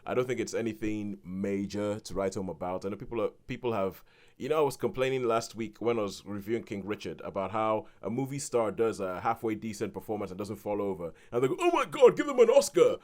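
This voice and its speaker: A man giving a casual spoken film review on a podcast, rambling with many restarts and turning animated when he quotes people. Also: on the low side, brisk.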